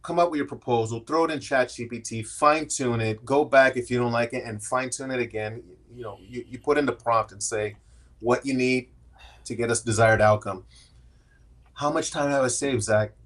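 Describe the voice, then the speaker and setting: Middle-aged male guest, candid, casual, talks in restarts, average pitch. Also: normal speed. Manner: candid, storytelling with frequent restarts. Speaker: podcast guest. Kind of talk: casual interview conversation.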